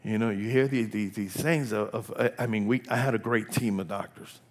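Preaching with passion and plenty of repetition, an older man swings from quiet whispers to rising, loud outbursts. He speaks fairly quickly in a low voice with fairly even intonation.

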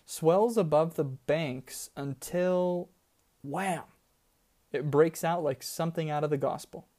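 Man voicing a steady, practical woman guide. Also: fairly high pitch, takes it slowly, pitched above the performer's own voice. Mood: animated. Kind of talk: audiobook character voice.

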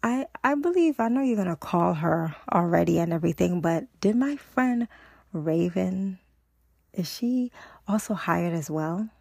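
A woman's voice: fairly low pitch, lively intonation, measured pace, gravelly, darkish tone, husky, no echo, studio quality, full character voice. A woman voicing a teenage girl who hesitantly asks about her friend and breaks bad news.

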